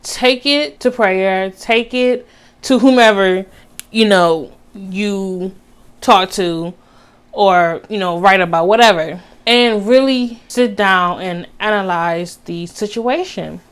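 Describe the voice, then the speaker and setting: A woman's voice: mid-range voice, slow, smooth. A young adult woman talking earnestly to her viewers in a personal vlog, encouraging them and calling them baby. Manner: casual with Southern US slang like y'all. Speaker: vlogger. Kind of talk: heartfelt personal vlog talk.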